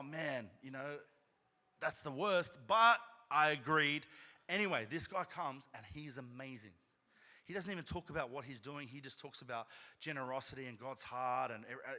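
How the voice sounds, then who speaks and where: A man preaching a sermon as pastor, telling a personal story in a conversational way, with frequent "right?" asides and loud emphatic peaks. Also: medium pitch, long reverb tail. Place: church sanctuary.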